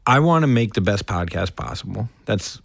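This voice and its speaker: A man's voice: fairly low pitch, expressive, normal speed, creaky, a bit bright, no room sound, studio quality. A man co-hosting a podcast, wisecracking and swearing freely in casual chat. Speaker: podcast co-host.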